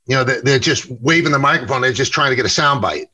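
A man's voice: medium pitch, bright, forceful tone, slightly rough, rough recording. A middle-aged man with a New York accent, a guest in a casual interview, telling stories and often repeating and correcting his words. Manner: storytelling, quick self-corrections, repeats words. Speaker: sportscaster and interview show host, guest here.

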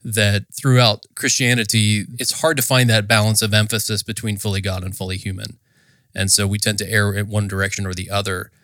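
A man co-hosting a podcast who speaks in a thoughtful, measured way. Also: on the low side, level tone, fairly bright tone, no echo, studio quality. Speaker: podcast co-host. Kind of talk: casual chat.

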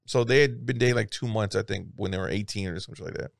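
A young man in casual podcast chat, telling a story with lots of swearing and loud voices for his friends. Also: on the low side, fast, gravelly, dry recording, clean studio sound. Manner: animated storyteller, swears a lot, yelps mimicking friends.

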